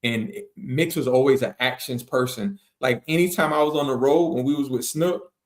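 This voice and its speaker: A man's voice: medium pitch, normal speed. A man from South Carolina, a motivational speaker and interview guest, talking in a reflective, slangy way. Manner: reflective and slangy, steady and earnest. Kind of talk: casual interview conversation.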